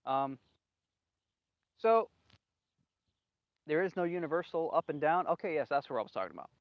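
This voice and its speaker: A man's voice: on the high side, lively intonation, moderate pace, no echo. A man hosting a solo video monologue, rambling, repeating himself emphatically and losing his train of thought. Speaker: video host. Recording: dull lo-fi, dry sound.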